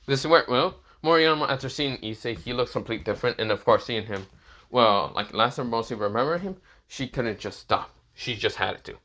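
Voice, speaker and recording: A man's voice: mid-range voice, fairly quick, pushed and bright. A young man casually narrating an improvised fan story, rambling and filling gaps with repeated phrases. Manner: rambling, many fillers like "this is where, well".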